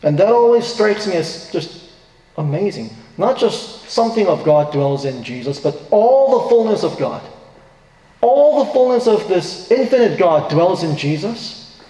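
A man preaches a sermon with earnest force, his fairly high voice climbing higher whenever he quotes a line of scripture. He speaks from a church sanctuary, and the sound rings through a big reverberant hall that carries a long echo behind every phrase. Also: very animated, unhurried, dark tone. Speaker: pastor. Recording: echoey hall, distant reverb.

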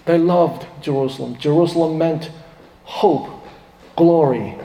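A man's voice: fairly high pitch, unhurried, mellow. A man preaching a sermon, turning dramatic and emphatic when he quotes laments. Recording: echoey, reverberant hall.

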